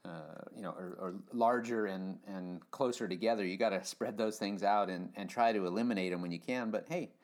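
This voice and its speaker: A man with a very low voice tells stories on a podcast. He rambles and restarts often, leaning on fillers as his energy rises and falls. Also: fairly quick, hardly any pauses, a little mellow. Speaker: podcast guest. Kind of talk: casual storytelling.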